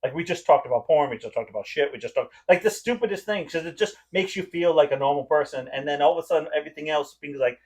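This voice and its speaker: A man's voice: fairly high pitch, fast talker, few pauses. A man co-hosting a casual podcast chat, telling rowdy stories with laughs. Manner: animated, laughing storyteller. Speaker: podcast co-host.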